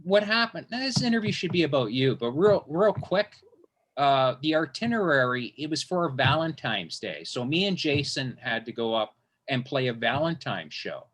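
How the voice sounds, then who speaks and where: Brief: male stand-up comic hosting an interview, mid-pitch voice, rambling, restarts a lot, swears freely. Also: animated, moderate pace, fairly bright tone. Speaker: interview host and stand-up comedian. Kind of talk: casual storytelling in an interview.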